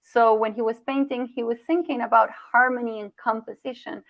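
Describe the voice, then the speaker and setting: Brief: woman coach, bright higher voice, encouraging, muffled call audio. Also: steady tone, fairly quick, vocal fry, no room sound. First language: Spanish. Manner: encouraging, asks "right?" often, with restarts. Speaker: communication coach. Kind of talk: online workshop presentation.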